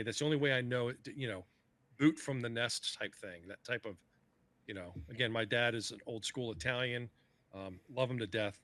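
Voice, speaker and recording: A man's voice: medium pitch, a bit bright, no echo. A man, a podcast guest, telling stories in a casual chat, swearing freely and acting out what other people said. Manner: profane, acts out other people's lines.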